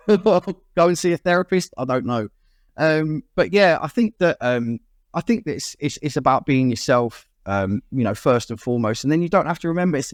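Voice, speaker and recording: A man, a guest on a podcast, talking casually, frank and animated. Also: medium pitch, dry recording, clean studio sound. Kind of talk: casual chat.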